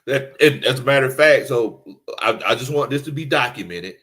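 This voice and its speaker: A man's voice: medium pitch, expressive, brisk, fairly bright tone. A man co-hosting a casual sports talk show, reading out the live chat in a playful, hyped way with catchphrases. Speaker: co-host.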